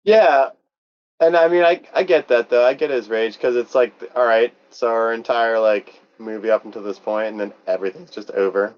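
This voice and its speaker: A man's voice: medium pitch, moderate pace, lo-fi sound. A man co-hosting a podcast in casual chat, laid-back and agreeable. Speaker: podcast co-host.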